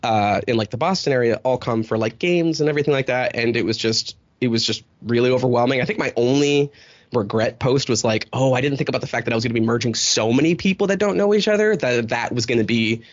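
A man's voice: mid-range voice, quick pace, dry recording. A man in his thirties hosts a casual podcast chat, candid and rambling, swearing freely between his ums and uhs. His voice sits in an ordinary middle register. The sound is dry and a little dull, like a lo-fi home podcast setup. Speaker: podcast host.

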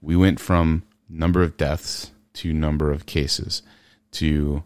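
A podcast host in casual commentary, ranting sarcastically and firing off rhetorical questions. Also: male voice, extremely low pitch, steady tone, measured pace, a little mellow, no echo.

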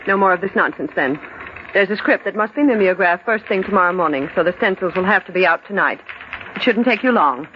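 An actress playing a strict, curt middle-aged office supervisor in a 1940s radio drama, heard on an old broadcast recording. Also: female voice, fairly low pitch, expressive, fast talker, natural voice. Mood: stern. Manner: curt, authoritative. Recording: dull old radio broadcast, faint hiss.

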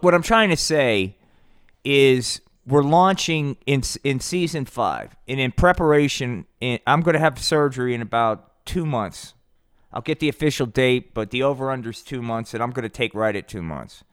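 A man's voice: medium pitch, no echo, clean studio sound. Rambling, profane podcast host man. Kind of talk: improvised comedic puppet show and chat.

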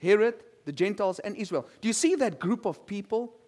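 A man's voice: sits high, expressive, brisk, a little mellow. A male pastor preaching a sermon and reading scripture, talking conversationally and putting questions to the congregation. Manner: conversational, asks the congregation questions, repeats words.

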